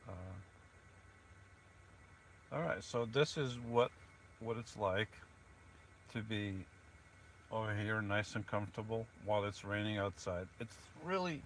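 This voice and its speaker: Male vlogger, low-pitched, hushed casual chat into a close phone, faint background noise. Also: a little slow, pauses often. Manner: talks quietly, keeping his voice down. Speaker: vlogger live-streaming. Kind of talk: casual live stream chat. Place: inside a van on a rainy night. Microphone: phone propped close.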